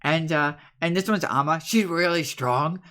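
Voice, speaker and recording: A man's voice: a little high, a bit bright, natural voice. A man voicing a shy, eager young man who stammers and halts as he introduces his friends in a tabletop game. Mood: bashful. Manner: stammering, halting and bashful.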